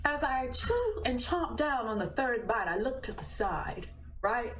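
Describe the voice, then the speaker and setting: A young woman on a livestream, telling a story in a chatty, animated way and swearing casually. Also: fairly high pitch, a little slow. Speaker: singer on a livestream. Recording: echoey, distant playback with faint noise.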